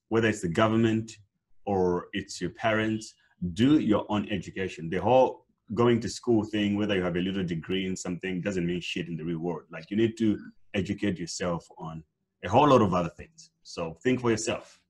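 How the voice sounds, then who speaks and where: A man's voice: deep voice, husky. A man in his twenties from Africa, a podcast guest speaking bluntly and emphatically in a casual interview. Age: 20s.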